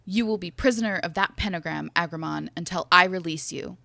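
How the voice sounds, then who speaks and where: A man's voice: high-pitched, fairly quick, gravelly, bright, forceful tone, no room sound, full character voice. A woman reading aloud the lines of a young male warlock who is frightened but defiant. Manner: read-aloud book dialogue.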